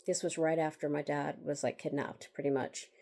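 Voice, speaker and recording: She speaks in a low, mellow voice with flat delivery and a moderate pace. The author tells a bitter, emotional personal story about her book in a candid vlog monologue, rambling, restarting, filling pauses, and sighing or laughing wryly.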